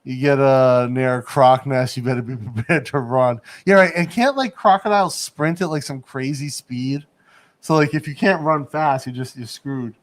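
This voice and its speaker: A man's voice: mid-range voice, moderate pace. A man hosting a casual livestream chat from a studio in Bangkok. He rambles, laughs often and hedges his points. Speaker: livestream host.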